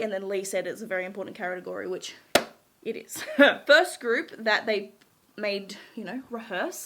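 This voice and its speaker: A woman's voice: mid-range voice, fairly bright tone. A young woman chatting casually, bubbly and giggly, gushing as she recaps a show. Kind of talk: casual chat.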